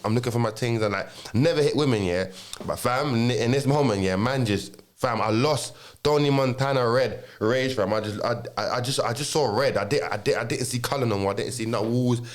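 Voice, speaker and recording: A man's voice: mid-range voice, fairly quick, hardly any pauses. A young man telling a story in casual chat, swearing often and acting out what people said in a raised voice. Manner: animated, swears a lot, acts out quotes in a raised voice. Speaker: podcast co-host.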